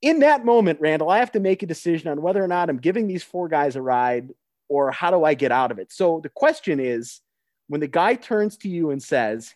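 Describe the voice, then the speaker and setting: A man's voice: a little high, lively intonation, brisk, a little mellow, no echo. A man hosting a talk show, telling a story to his co-hosts and putting questions to them. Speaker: radio show host. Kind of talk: casual storytelling chat.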